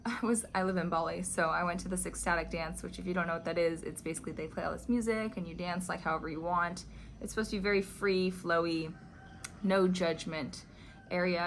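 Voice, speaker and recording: A woman with a somewhat low voice talks to her viewers in a relaxed, reflective monologue. She tells stories in a chatty way, leaning on "like" as a filler, with a faint hiss of background noise. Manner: chatty storytelling with frequent "like" fillers. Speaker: vlogger discussing spiritual teachings.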